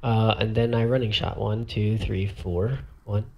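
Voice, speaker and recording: A man's voice: lowish voice, fairly even intonation, unhurried, creaky, darkish tone. A man thinking aloud as he walks through a tabletop game turn, counting squares and correcting himself as he goes. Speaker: tabletop miniatures player walking through a turn. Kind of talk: thinking aloud while demonstrating game moves.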